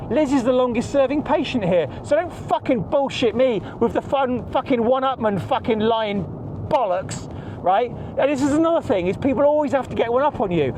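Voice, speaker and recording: Middle-aged man, podcast host, stressed and agitated, swearing rant in a fairly high voice. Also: noisy background. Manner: angry, heavy swearing, repeats himself. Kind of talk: ranting monologue.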